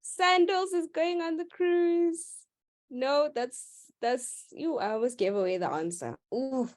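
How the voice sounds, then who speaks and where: A woman's voice: sits high, slow. A woman teaching maths in a live online class, playful and teasing with her students. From South Africa.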